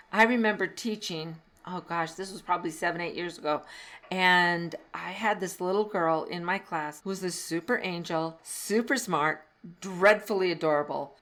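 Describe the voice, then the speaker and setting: A middle-aged woman and former teacher hosting a parenting podcast, telling family stories in a chatty way and laughing often. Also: medium pitch. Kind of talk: casual podcast monologue.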